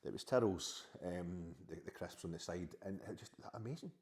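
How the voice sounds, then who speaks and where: A man's voice: low voice, normal speed, darkish tone. A middle-aged Scottish man hosting a podcast, rambling sheepishly in a comic monologue and answering back to his unseen wife. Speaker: podcast host.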